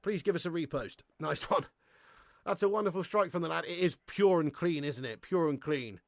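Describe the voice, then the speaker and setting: High, gravelly guy ranting. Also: moderate pace, no room sound, studio quality. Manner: excitable, sweary, ranting and chatty with viewers. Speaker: host of a fan watch-along stream. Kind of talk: live football watch-along commentary.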